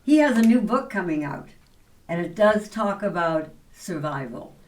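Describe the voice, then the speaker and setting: A woman's voice: on the low side, sing-song, normal speed, darkish tone, recorded from a distance. A woman hosting a talk show interview, upbeat and gushing, laughing often. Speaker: host.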